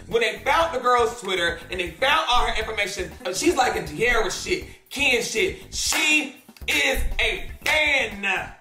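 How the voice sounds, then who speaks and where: A woman hosting a gossip commentary show, telling the story in a blunt, profane, animated way. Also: a little high, echoey room. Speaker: host.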